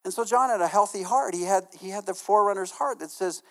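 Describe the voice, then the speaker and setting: A man's voice: sits high, fast talker, fairly bright tone. A man preaches to his church in an easygoing, talky manner. He leans on "you know" and "right?", restarts his phrases, and keeps asking the congregation questions. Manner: casual, filler-heavy, repeats words, asks the congregation questions. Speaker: pastor. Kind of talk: conversational sermon.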